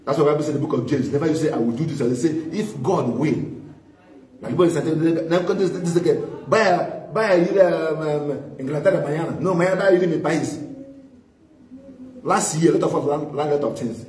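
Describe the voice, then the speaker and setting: A man preaches a fervent sermon, mixing English and Spanish and repeating phrases for emphasis. His voice sits fairly high for a man. It carries through an echoey church hall, picked up from some distance away from the microphone. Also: brisk, darkish tone. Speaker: pastor. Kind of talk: bilingual sermon, preaching with interpretation.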